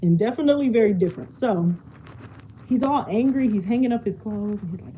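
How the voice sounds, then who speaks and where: A woman's voice: medium pitch, fast talker, warm tone, slight background noise, low-quality recording. A young woman chatting casually while she cleans her home, laughing often and drifting away from the mic as she moves. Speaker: vlogger. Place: home, moving around rooms.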